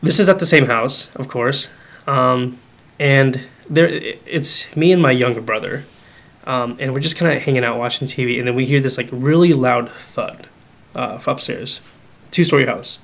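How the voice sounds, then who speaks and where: On a podcast, a young male guest shares a family ghost story in relaxed chat, his medium-pitched voice moving at a moderate pace with vocal fry. He's animated, dramatizes the quoted dialogue, and says "like" and "um" a lot.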